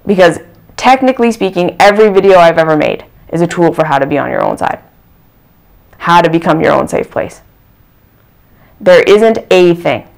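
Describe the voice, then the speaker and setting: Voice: medium pitch, normal speed, gravelly, pauses often. A channel host giving a reflective self-help talk, earnest and repeating phrases for emphasis.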